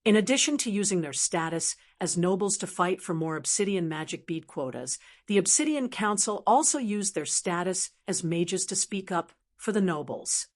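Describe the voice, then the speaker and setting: A woman narrating a translated fantasy novel as an audiobook in a steady, even reading voice. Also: fairly low pitch, normal speed, hardly any pauses. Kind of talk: scripted narration.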